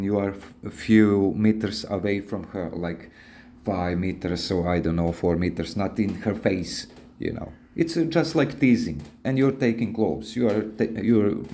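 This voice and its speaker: A man's voice: fairly low pitch, warm tone, slight background noise. A man hosting a podcast, giving advice in a rambling, casual, instructive monologue with frequent restarts. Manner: rambling, repeats words and restarts often.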